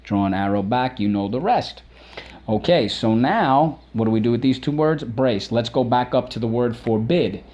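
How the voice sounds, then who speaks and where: Male teacher for a kids' spelling class. Warm, mellow tone, encouraging, repeats words slowly. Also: mid-range voice. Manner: drills words aloud, repeats them slowly and emphatically; encouraging, asks questions and praises. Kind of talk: spelling lesson for children.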